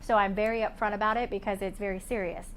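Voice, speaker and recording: A woman's voice: medium pitch, flat delivery, fast talker, a bit bright, a little hiss or hum. Chatty woman physical therapist. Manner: conversational, many fillers. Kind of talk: explaining patient care.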